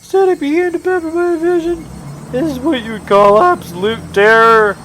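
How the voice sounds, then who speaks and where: A man hosting a let's play, reading a visual novel aloud with animated laughing asides and swearing, with traffic noise behind. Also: extremely high pitch, normal speed.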